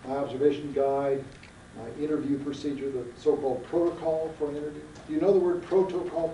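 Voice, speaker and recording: This seminar lecturer's voice is fairly high with a dark tone, and he speaks briskly with fairly even intonation. He teaches a research class in a lecture room, putting questions to students in a folksy, emphatic manner. The archival classroom tape is roomy and distant, with slight background noise.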